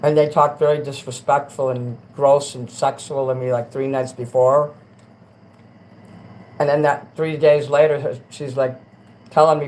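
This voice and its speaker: A man chats on a late-night livestream in a rambling, crude way, sliding from low mutters into loud, fast rants. His voice sits at an ordinary pitch. A faint hiss runs underneath. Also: little pitch movement, poor audio. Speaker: livestream host.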